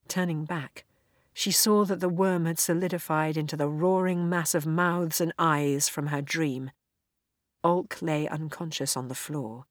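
A woman narrating an audiobook in a measured, expressive storytelling voice. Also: deep voice, no room sound, clean studio sound. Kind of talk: audiobook reading.

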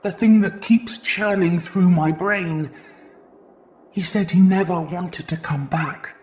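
A woman voicing a weary, grieving alien mother in a hushed, low voice for an audiobook. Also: slow. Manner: low, hushed, heavy delivery. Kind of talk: audiobook character voice.

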